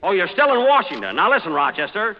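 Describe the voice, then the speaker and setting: A man's voice: high-pitched, big pitch swings, fast talker. A man hosting a 1940s radio comedy, with hesitant stammers and dry comic timing. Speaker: comedy show host. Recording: hissy lo-fi old radio recording.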